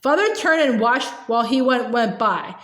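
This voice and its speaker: A woman reads a children's novel aloud in a gentle, unhurried storytelling manner, stumbling and restarting now and then. Her voice sits high. The recording has a roomy echo. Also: expressive. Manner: clear, gentle storytelling with small slips and restarts. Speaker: audiobook reader. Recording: echoey room.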